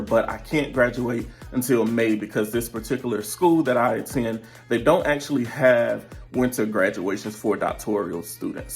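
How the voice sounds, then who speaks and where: A man in his thirties gives a casual seated update from his home, his voice sitting at an ordinary middle pitch. He rambles a little and chuckles now and then mid-sentence, the easygoing tone of someone talking to friends. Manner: chatty, drifts off topic, laughs often mid-sentence. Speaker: vlogger and virtual teacher.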